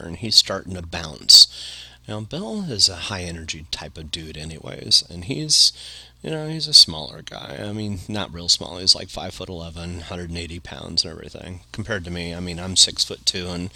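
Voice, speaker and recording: A man's voice: sits low, creaky, sharp tone, slightly rough. A man hosting a podcast, telling a long casual anecdote in a rambling way, full of filler phrases. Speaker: podcast host.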